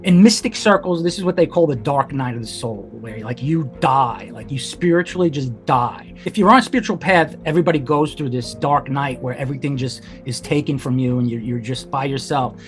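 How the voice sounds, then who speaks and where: A man's voice: medium pitch, fairly quick, few pauses. A man in his forties speaks as a podcast guest. He tells his story in a raw, intense way, swearing often and leaning on "like." Faint music plays under his voice. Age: 40s. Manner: candid and intense, swears, fillers of "like". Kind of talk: emotional personal storytelling.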